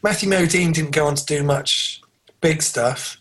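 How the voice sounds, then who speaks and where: Rambling man, fairly high voice. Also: unhurried, a bit bright, poor audio. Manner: rambling, trivia-heavy, many fillers and restarts. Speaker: podcast co-host. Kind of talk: casual film chat.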